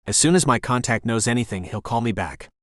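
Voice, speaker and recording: A man's voice: mid-range voice, animated, brisk, a bit bright, dry recording, studio quality, lightly acted. A male audiobook narrator voicing a hostile, tattooed older brother who talks in a sneering, mocking way. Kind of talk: audiobook character voice.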